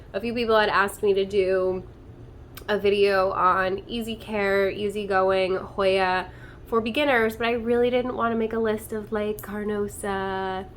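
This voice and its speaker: A woman's voice: medium pitch, a bit bright. Young woman, casual home vlog host, chatty and bubbly, mid-range voice, light room noise. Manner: bubbly and chatty, with lots of "like" and "um" fillers. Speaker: plant channel host. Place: indoors at home among houseplants.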